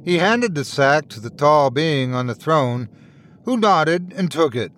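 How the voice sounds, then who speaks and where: A man narrating a dark fairy tale in an expressive, dramatic storytelling manner. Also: on the high side, a little slow, slight background noise. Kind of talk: scripted horror story narration.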